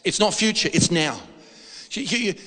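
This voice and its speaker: Aussie pastor guy, lively emphatic sermon, bright voice, big hall echo. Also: sits high, moderate pace. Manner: animated, emphatic, repeats words for stress. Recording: hall reverb.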